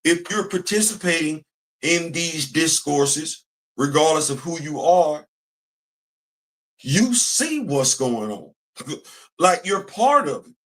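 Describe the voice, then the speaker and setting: A man hosting a commentary channel, talking in a casual, animated way, repeating phrases and answering himself with call-and-response. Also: fairly high pitch, slow pace, pauses often.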